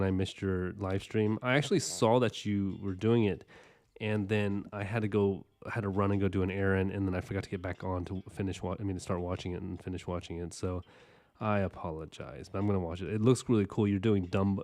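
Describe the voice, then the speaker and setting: A man's voice: low voice, darkish tone. A man chatting casually with livestream viewers while he draws, rambling and often apologizing. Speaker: artist streaming while drawing.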